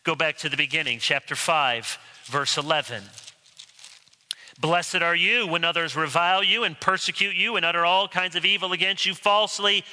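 High, bright-voiced pastor preaching in reverb. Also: male voice, fairly even intonation, moderate pace. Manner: rhetorical questions, wry mock-incredulous asides. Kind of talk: sermon. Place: church sanctuary, speaking from pulpit.

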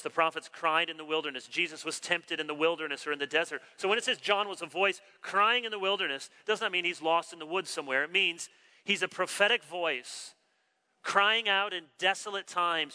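A man preaching a sermon, animated, acting out the quoted dialogue of his story. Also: a little high, clean tone. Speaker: pastor. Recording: long reverb of a large hall.

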